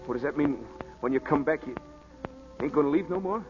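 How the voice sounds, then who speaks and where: An actor playing a shy, loyal young boxer, plain-spoken, in 1940s radio acting style. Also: male voice, fairly high pitch, a little fast, music in the background, lightly acted. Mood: tender. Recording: muffled old radio recording.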